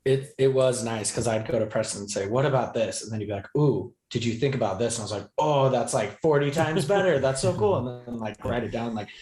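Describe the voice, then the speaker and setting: A man's voice: medium pitch, fairly quick, hardly any pauses, a little mellow. A man telling a story casually as a podcast guest. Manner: chatty storyteller. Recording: roomy echo.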